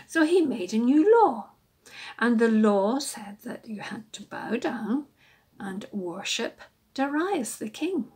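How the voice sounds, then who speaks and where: Hushed, breathy woman storyteller. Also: fairly high pitch, animated, takes it slowly. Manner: hushed, dramatic, often whispered narration. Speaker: children's storyteller at a church. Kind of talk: storytelling for children.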